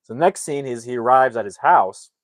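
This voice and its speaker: A man's voice: mid-range voice, lively intonation, fairly quick, no room sound. A man recapping a movie plot in a loose, rambling way and acting out the characters' lines as he goes. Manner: rambling, acts out character lines while retelling. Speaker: movie reviewer. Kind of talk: casual live-streamed movie recap.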